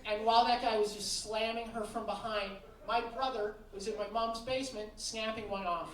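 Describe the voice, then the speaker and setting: A woman's voice: a little high, fairly even intonation, normal speed. A woman doing a stand-up set on a club stage, blunt and profane. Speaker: stand-up comedian. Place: comedy club stage with live audience. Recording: echoey live room, distant mic, noisy.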